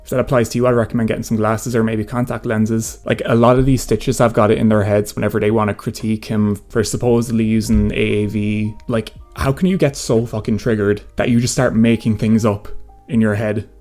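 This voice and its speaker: A man's voice: fairly low pitch, flat delivery, a little fast, a little mellow, soft background music. A nineteen-year-old man giving a sarcastic, profane commentary rant in a casual way. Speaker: commentary YouTuber. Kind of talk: ranting commentary.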